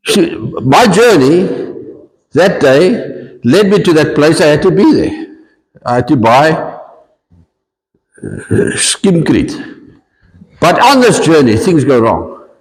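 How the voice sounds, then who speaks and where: A man's voice: a little high, big pitch swings, slow pace, pauses often. A South African man, a pastor, telling stories during a sermon in a conversational way, switching freely between Afrikaans and English. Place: church hall. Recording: long church-hall reverb.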